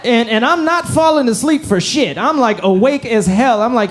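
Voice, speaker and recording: A man doing stand-up comedy on a club stage, telling an animated, profane story into a handheld mic. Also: very high voice, normal speed, slight background noise. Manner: animated, profane, punchline-driven.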